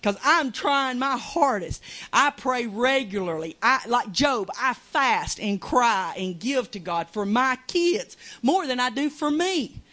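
Woman preacher, high voice, fervent sermon, plain everyday talk. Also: lively intonation, slow, fairly bright tone. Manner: fervent, conversational preaching with Southern colloquialisms. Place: small church.

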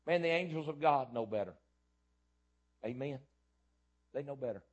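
A middle-aged man preaching a sermon as pastor, emphatic and repetitive, swinging from loud bursts to quieter stretches. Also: mid-range voice, lively intonation, normal speed, dull audio.

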